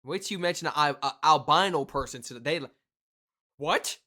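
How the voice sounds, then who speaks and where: An American reaction video host giving casual commentary, animated and exclaiming, with slangy asides. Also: medium pitch, brisk. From United States.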